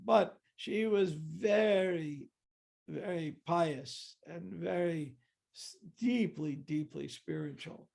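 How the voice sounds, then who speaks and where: A man's voice: a little high, slow pace, creaky, darkish tone. An older man giving a reflective storytelling talk, often restarting and acting out what people said. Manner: reflective, with many restarts and acted-out quotes. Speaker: guest speaker.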